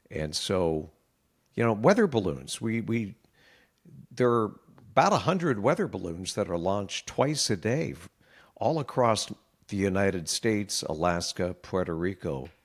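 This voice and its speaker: Earnest low-voiced man, lively pitch. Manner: earnest, worried explaining with analogies. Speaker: meteorologist guest. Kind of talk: conversational interview.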